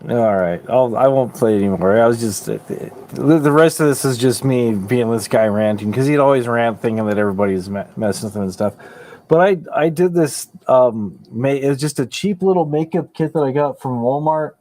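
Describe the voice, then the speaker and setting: A man's voice: mid-range voice, a little fast, darkish tone. A man hosting a late-night livestream, chatting casually in a laid-back, rambling way with restarts and chuckles. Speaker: livestream host.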